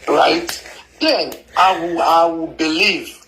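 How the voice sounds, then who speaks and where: A man calling in, talking in a rambling, halting way. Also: a little high, gravelly, a bit bright, slight background noise, rough recording. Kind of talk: casual phone-in chat.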